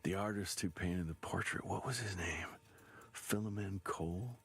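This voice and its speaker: A game character who tells a slow, wry story. His voice is extremely deep, with a husky, gravelly grain. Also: exaggerated voice.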